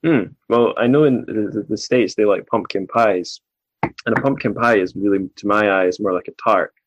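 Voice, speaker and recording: A man's voice: on the low side, normal speed, dry recording. A man hosting a podcast, interviewing a guest in a friendly, joking way. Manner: friendly, joking, stumbles over names. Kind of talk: casual interview chat. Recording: dry, dull lo-fi remote recording.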